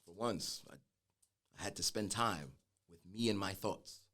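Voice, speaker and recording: This is a middle-aged man talking casually as a guest, with a somewhat low-pitched voice. He is an animated storyteller who slips into the voices of the people he quotes. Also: unhurried. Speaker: guest, clothing brand founder.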